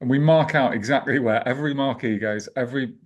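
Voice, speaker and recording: A man co-hosting a podcast in relaxed, matter-of-fact casual chat. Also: mid-range voice, fast. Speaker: podcast co-host.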